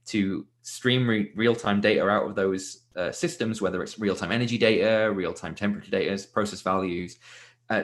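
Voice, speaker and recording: A man's voice: lowish voice, fairly bright tone. A man in his twenties from Leeds, a tech founder talking casually as a podcast guest, laughing easily. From Leeds, England. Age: 20s. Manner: casual, many fillers and restarts, laughs easily. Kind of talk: podcast interview.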